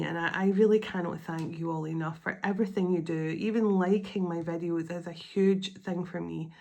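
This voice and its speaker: A woman hosts her psychic channel in a casual, rambling way. She sits a little low in her range and keeps gushing with gratitude. Her talk is full of fillers and restarts. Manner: warm-hearted, rambling, effusive with gratitude, many fillers and restarts. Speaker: psychic medium and channel host. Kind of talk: casual spiritual video chat.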